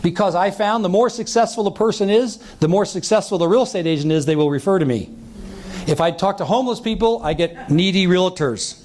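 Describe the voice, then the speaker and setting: A sales trainer gives a seminar talk to a live audience in a high, darkish voice, speaking a little fast, with a slight hiss or hum on the audio. He acts out the dialogue he describes and keeps checking in with his listeners.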